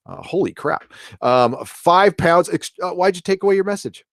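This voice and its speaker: A man's voice: high voice, animated, normal speed, no room sound, studio quality. A middle-aged American man hosting a livestream, ranting casually with profanity and lots of fillers, then reading out viewer chat. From United States. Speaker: livestream host.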